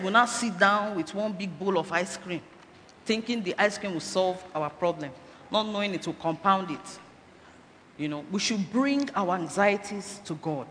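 A woman's voice: on the low side, a bit bright. A woman giving a health talk inside a sermon, urging her listeners and asking rhetorical questions. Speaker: church speaker. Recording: echoey hall, faint background noise.

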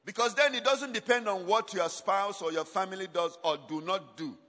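The voice is high-pitched and sharp, moving at a moderate pace as he preaches. He leads the congregation in call-and-response, leaving lines for them to complete, with emphatic jumps in volume echoing through a long hall reverb.

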